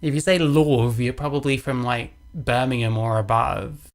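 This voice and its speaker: A woman's voice: very deep voice, steady tone, normal speed. A streamer from England giving casual, mocking commentary on clips she plays, with rambling asides. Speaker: livestream host reacting to clips.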